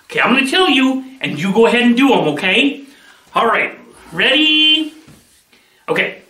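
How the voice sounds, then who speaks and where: A man leads a children's Bible lesson with lively, swooping pitch and a bright, forceful tone. He sounds upbeat and playful as he calls out game commands. The voice sits back from the mic in a roomy, echoing space. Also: normal speed, slight background noise. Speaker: children's ministry teacher. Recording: echoey room, voice from a distance.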